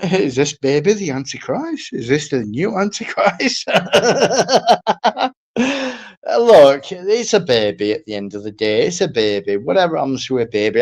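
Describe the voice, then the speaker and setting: A man talks in a loose, rambling monologue. His pitch swings widely, and he keeps breaking into laughter. He swears freely and repeats his points. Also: creaky, darkish tone. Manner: swears a lot, laughs between lines, repeats himself. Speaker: streamer.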